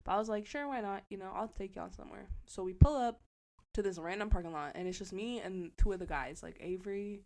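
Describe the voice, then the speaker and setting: A young woman on a casual podcast, telling a story with animated energy. She acts out each person's lines and swears freely, speaking at a middle pitch. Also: fast. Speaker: podcast co-host.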